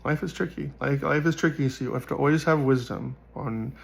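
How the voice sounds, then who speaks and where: Quick, rambling raspy man teaching the Bible. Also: mid-range voice, steady tone. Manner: quick, rambling, many fillers. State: hoarse from sickness.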